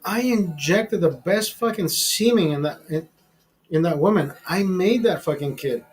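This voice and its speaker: A man's voice: high voice, a little slow, faint music behind. A man in his fifties hosting a show, telling a rambling, profane story full of repeated words and restarts. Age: 50s. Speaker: show host. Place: streaming studio.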